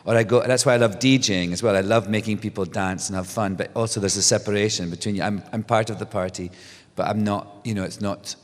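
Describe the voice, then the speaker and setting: A middle-aged man talks loosely and animatedly on stage, starting over and laughing as he goes. His voice sits a little low. The sound carries a long hall reverb. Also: fast talker, hardly any pauses. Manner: animated storyteller, restarts, laughs often. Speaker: guest author. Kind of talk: casual onstage conversation. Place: stage before a live audience.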